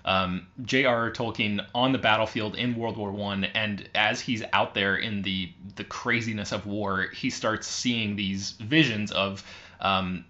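Male podcast co-host, measured chat; low pitch, muffled lo-fi sound. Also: fairly even intonation, sharp tone. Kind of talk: casual chat.

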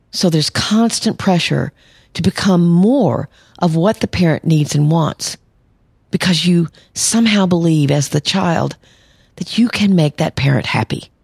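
A middle-aged woman therapist hosting a podcast, calmly explaining and slowing down to stress key points. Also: lowish voice, creaky, husky, no echo, clean studio sound. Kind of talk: scripted podcast monologue.

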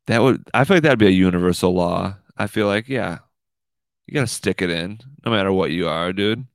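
A man's voice: sits low, expressive, a little fast, dry recording. A man hosting a casual livestream podcast, rambling and swearing, saying "dude" a lot. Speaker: podcast host.

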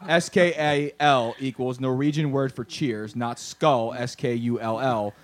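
A man co-hosting a casual podcast, playful and quick with quips. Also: medium pitch, steady tone. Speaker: podcast co-host.

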